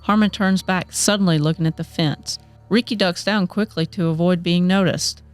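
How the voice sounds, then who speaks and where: A woman's voice: fairly low pitch, fairly even intonation, normal speed, clean tone, faint music behind. Woman narrating a horror story.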